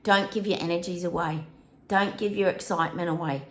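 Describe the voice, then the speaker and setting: A woman's voice: on the low side, steady tone, a little fast, echoey room. A woman hosting a psychic prediction channel, chatting casually to viewers, breaking into bits of song and laughing often.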